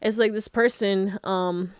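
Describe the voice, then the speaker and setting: A woman reads tarot cards for her viewers in a loose, chatty way, often laughing and dropping slangy asides. Her voice sits at a middle pitch. The recording is dry and close to the mic. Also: steady tone, unhurried, clean tone, dry recording. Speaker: tarot reader. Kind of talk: casual pick-a-card tarot reading.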